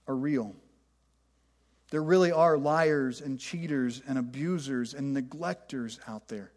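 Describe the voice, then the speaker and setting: A man's voice: high voice, a little mellow. A middle-aged man preaching a sermon in a conversational way, often repeating words as he goes, with a self-deprecating streak. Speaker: pastor.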